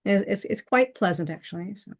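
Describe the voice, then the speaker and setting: A woman's voice: mid-range voice, animated, a little fast. A middle-aged woman hosting her own vlog, chatting casually in a rambling way with frequent restarts and laughs. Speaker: channel host.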